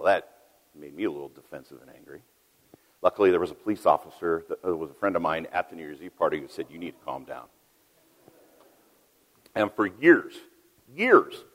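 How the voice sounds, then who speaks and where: A deep-voiced middle-aged man preaching in a big hall where his words ring out with a long echo. He tells his story with loud peaks and hushed, quiet asides, the way a pastor talks from the pulpit. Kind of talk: sermon. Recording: long reverb of a large hall.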